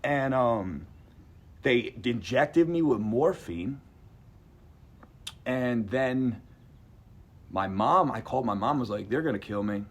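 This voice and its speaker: Husky man telling a story animatedly. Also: medium pitch, slow pace, long pauses. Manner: animated, emphatic, acts out quotes; rambling, conversational. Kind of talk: personal storytelling to a live audience.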